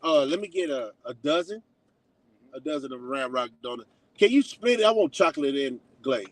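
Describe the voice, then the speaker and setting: A man's voice: medium pitch, animated, moderate pace, no echo, low-quality recording. A Texan man livestreaming from his car at a donut shop drive-thru, talking loosely and slangily as he drifts between topics. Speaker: livestream host. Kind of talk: casual rambling livestream chat.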